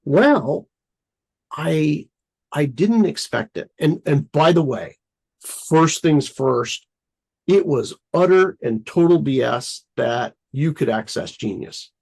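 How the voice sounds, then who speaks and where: A man in casual conversation, rambling with lots of fillers and excitedly acting out his own thoughts. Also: a little high, slow, gravelly, slightly rough, low-quality recording.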